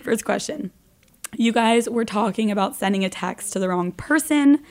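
A woman's voice: mid-range voice, lively intonation, normal speed. A young woman co-hosting a podcast, chatting casually in a blunt, crude way. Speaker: podcast co-host. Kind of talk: casual chat.

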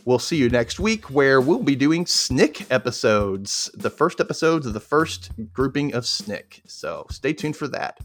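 A man hosting a podcast, giving a chatty, joking recap of a TV episode and jumping into high squeals for quotes. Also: expressive, unhurried, hardly any pauses, fairly bright tone, faint music behind. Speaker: podcast host.

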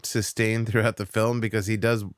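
A man's voice: on the low side, little pitch movement, normal speed, dry recording, clean studio sound. A man, a comedian guest on a podcast, talking casually and reflectively, rambling a little with fillers as he thinks aloud. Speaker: podcast guest, stand-up comic.

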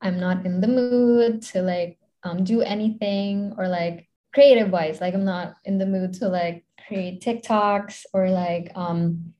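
A woman's voice: medium pitch, steady tone, measured pace, few pauses, warm tone, highs cut off. Giggly Filipino woman, rambling chat. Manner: rambling, many fillers, giggly. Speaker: content creator guest. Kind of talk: casual interview chat.

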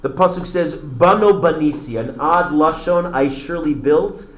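A man lecturing to a class in a slightly high voice, telling stories with eager enthusiasm and answering students' interruptions. The classroom is roomy and echoes around him. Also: normal speed, noisy background. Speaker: teacher.

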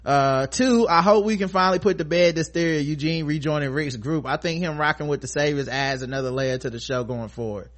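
A man's voice: on the high side, a little fast, few pauses. A man hosting a casual podcast, reading listener emails aloud with profane, joking asides. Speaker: podcast host.

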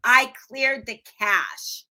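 A woman's voice: a little high, animated, extremely slow, sharp tone. A middle-aged woman co-hosting a livestream, chatting casually in a Valley girl manner. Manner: Valley girl speech, giggly and apologetic. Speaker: co-host of a streamed show.

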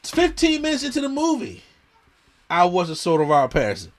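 A man's voice: high voice, huge pitch swings, a little fast. A man hosting a podcast, telling an emphatic, slangy story in casual movie chat and often repeating himself. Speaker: podcast host.

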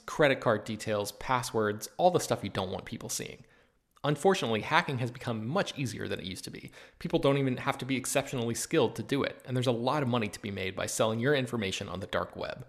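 A man's voice: mid-range voice, a bit bright. A man reading a sponsor ad in an upbeat, scripted way. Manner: upbeat, spells out web address slowly. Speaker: ad read by podcast host. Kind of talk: read sponsor ad.

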